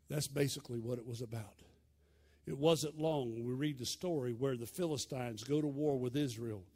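A male pastor with a mid-range voice preaches a sermon as dramatic storytelling, swinging between loud and hushed.

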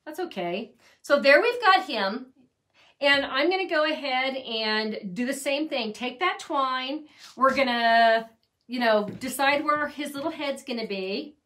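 A middle-aged woman with a high voice walks through a craft project in a casual, chatty way. She gushes and dotes on each little piece she makes. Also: lively intonation, unhurried, bright, forceful tone. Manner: gushing, chatty, doting on her crafts. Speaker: craft channel host.

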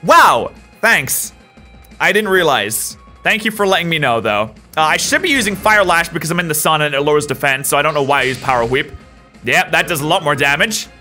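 A woman's voice: sits low, animated, fairly quick, sharp tone, faint music behind. A woman hosting a game let's play, chatty and joking as she plays and reads out comments. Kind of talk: gameplay commentary, reading comments.

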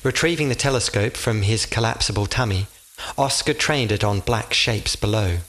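A man giving scripted audiobook narration in a measured, vivid storytelling manner. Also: on the low side, fairly bright tone.

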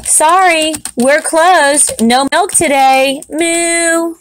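A woman's voice: sits high, extremely slow, fairly bright tone, slight background noise, voice pushed up, exaggerated voice. A woman doing sing-song cheeky typing cows. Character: cheeky typing farm cows, female herd.

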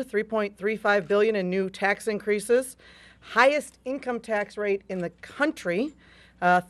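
A woman, a legislative leader, giving conversational remarks at a news conference with frequent fillers. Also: medium pitch.

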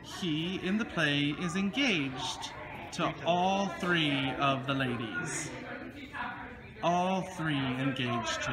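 A man with a slight West Virginia accent hosting a casual backstage chat, joking and teasing the cast. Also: on the high side. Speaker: host. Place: theater set, indoors. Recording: noisy room sound.

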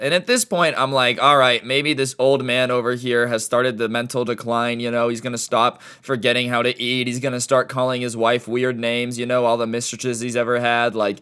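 A man's voice: medium pitch, bright, forceful tone. A young man casually telling a storytime tale, chatty and sarcastic, acting out the people he quotes. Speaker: storytime YouTuber.

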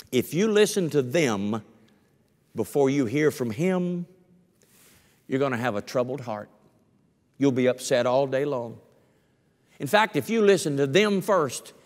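A man's voice: mid-range voice, lively intonation, normal speed, pauses often. An older man, a pastor, preaching a conversational sermon to his congregation and stretching out key phrases for emphasis. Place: church sanctuary. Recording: long reverb of a church hall.

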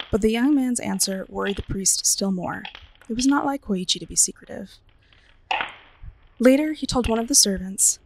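A woman librarian reads a spooky tale aloud, shaping each line with drama. Her mid-pitched voice carries a gravelly edge. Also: moderate pace, noisy background. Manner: expressive, dramatic storytelling. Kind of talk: storybook reading aloud.

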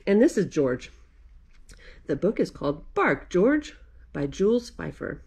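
A woman working as a children's librarian reads a picture book aloud for kids. She speaks slowly, with very lively swings in pitch and an animated delivery, and laughs often along the way. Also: vocal fry, slightly rough.

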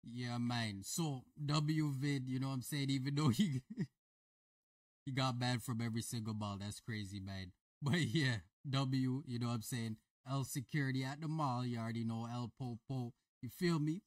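A man's voice: medium pitch, moderate pace, no echo, studio quality, far from the mic. A man hosting a reaction video, making slangy, joking remarks about the clip he is watching. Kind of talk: casual reaction commentary.

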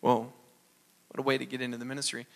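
A man preaching a sermon as pastor, animated and acting out little dialogues. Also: mid-range voice, fast talker, gravelly.

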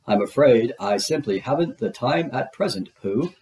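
A man's voice: medium pitch, lively intonation, moderate pace, a little mellow, lightly acted. A man voicing a proper, busy owl in a storybook read-aloud, speaking in a polite, formal way.

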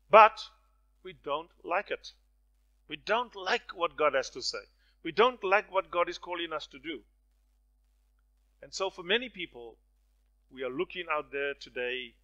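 Bright, forceful male preacher. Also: on the high side, poor audio. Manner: dramatic swings from soft to loud; storytelling with acted voices. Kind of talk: sermon.

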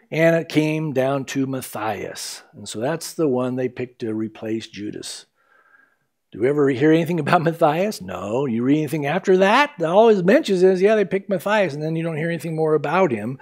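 A male pastor teaching a verse-by-verse sermon in a casual, conversational way, acting out the characters' lines in lively voices. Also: fairly high pitch, normal speed. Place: church sanctuary.

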